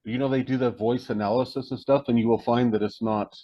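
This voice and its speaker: A man speaking as a guest in plain, blunt, emphatic terms, with casual slang and the odd curse. His voice sits at an ordinary pitch. The audio is dry and dull, with a lo-fi quality. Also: steady tone, fairly quick, no room sound. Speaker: guest, hunting guide and tracker. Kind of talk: casual conversation.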